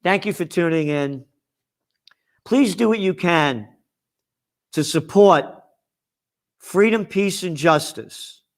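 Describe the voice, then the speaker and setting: A man's voice: high-pitched, expressive, slow pace, pauses often. An older man with a New York accent, hosting a commentary show with blunt, profane, fiery ranting. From New York (Bronx). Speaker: host. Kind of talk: angry commentary monologue.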